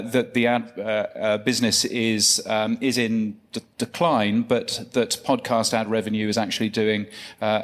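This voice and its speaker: Chatty man with many fillers. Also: mid-range voice. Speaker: podcast co-host. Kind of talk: live podcast news chat. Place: live event stage.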